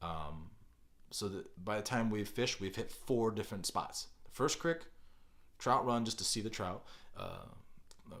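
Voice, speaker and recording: Energetic, lively middle-aged pastor. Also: male voice, lowish voice, creaky. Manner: energetic, deliberately exaggerated delivery. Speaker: kids pastor. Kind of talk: podcast advice talk.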